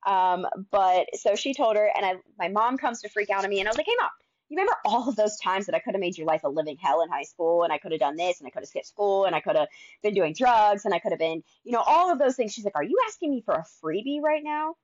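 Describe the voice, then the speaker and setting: A young adult woman telling her own story casually, acting out quoted conversations with lively shifts. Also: mid-range voice, fast, dry recording, dull audio. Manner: animated, acts out quoted dialogue.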